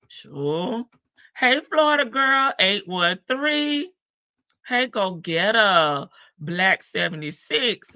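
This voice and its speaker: A woman's voice: fairly high pitch, bright, forceful tone, no echo. An older woman hosting a casual live stream, greeting viewers one by one and stretching out her hellos. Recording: dull lo-fi stream audio.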